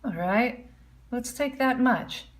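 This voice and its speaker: At the piano, a woman gives a casual music lesson, explaining notation and singing melody lines on "da," humming and scatting as she goes. Her voice is on the high side and she takes her time.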